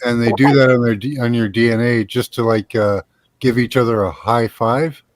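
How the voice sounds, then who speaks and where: A man's voice: mid-range voice, fairly even intonation, normal speed, dry recording. A man hosting a casual group chat, explaining things at length with lots of fillers and restarts.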